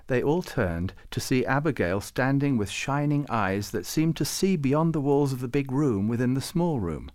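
Expressive male storybook narrator. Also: medium pitch, moderate pace, hardly any pauses. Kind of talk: storybook reading.

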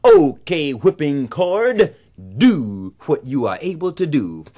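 A man's voice: on the high side, very animated, takes it slowly, warm tone, heavily acted. A man voicing a greedy, boastful male trickster spider in a told folktale, with a wheedling, pleading manner. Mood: wary.

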